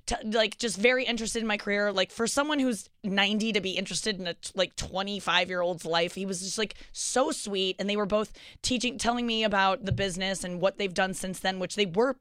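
A woman's voice: medium pitch, a little fast, hardly any pauses, clean tone, dry recording, studio quality. A young woman from St. Louis telling a story in a casual, chatty podcast conversation, full of fillers. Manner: animated, chatty, lots of fillers and laughs.

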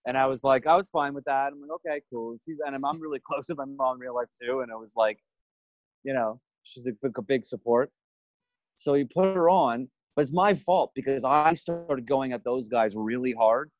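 A man's voice: medium pitch, normal speed, no room sound, dull audio. Man telling a rambling story, dry close sound. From Canada. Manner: animated storyteller, self-deprecating, swears freely. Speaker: guest actor. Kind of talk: casual podcast storytelling.

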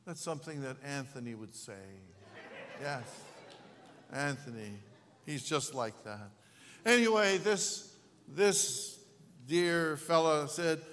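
A man preaching a sermon as pastor, speaking slowly and deliberately with dramatic pauses and swells. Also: fairly high pitch, animated, a bit bright, big-room sound.

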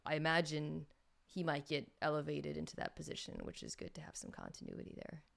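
A woman's voice: low-pitched, wildly swooping pitch, brisk, creaky. A woman hosting a sports podcast, chatting casually and thinking aloud with fillers and restarts. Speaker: podcast host.

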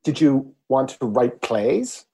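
A man's voice: medium pitch, animated, slow, warm tone. A man with a Newfoundland accent, a guest in a casual chat, teasing and dry.

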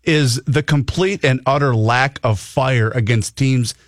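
A man's voice: medium pitch, a little slow, no room sound. Male radio co-host, argumentative, dry studio sound. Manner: argumentative, pushes a point. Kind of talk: casual sports radio chat.

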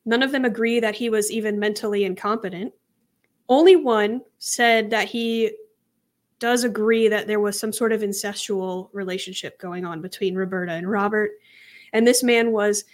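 A woman co-hosting a true crime podcast, recounting case details casually with some hesitations. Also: mid-range voice. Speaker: podcast co-host.

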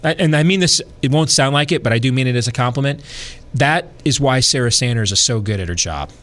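A man's voice: medium pitch, lively intonation, quick pace, fairly bright tone. A middle-aged man talks through politics on his show in a loose, rambling way. He hedges with fillers and restarts his sentences as he goes. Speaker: talk show host. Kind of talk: casual political talk radio.

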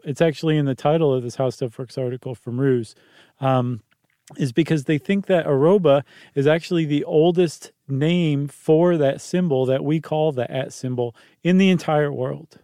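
A man co-hosting a podcast in casual chat, playful and teasing with quick asides. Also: a little high, warm tone, no echo, clean studio sound. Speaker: podcast co-host.

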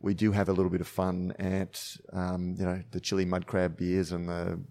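A man with a fairly low voice co-hosts a relaxed chat. He asks questions and laughs along easily with his guest. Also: moderate pace. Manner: prompting questions, laughs often. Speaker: co-host. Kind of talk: casual podcast chat.

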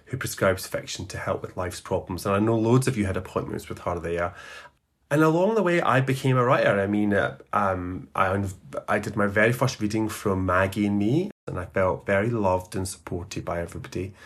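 A man's voice: sits low, breathy edge. A man, founder and host of a literary podcast, fondly looking back in a chatty, nostalgic monologue full of asides. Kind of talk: reflective farewell monologue.

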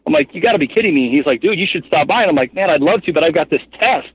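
A man in his thirties telling a long story as a guest in an interview, rambling and animated, with lots of fillers. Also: on the high side, very fast, slightly rough, lo-fi sound. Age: 30s. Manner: rambling, animated, heavy with fillers like "like" and "you know what I mean". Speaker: guest, hunting guide and cameraman.

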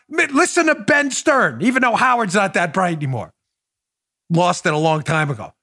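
Middle-aged male host, high voice, sarcastic and animated, prone to shouting asides. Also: brisk. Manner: mocking, loud outbursts, mock-theatrical recitation. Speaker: podcast host. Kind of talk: animated political commentary.

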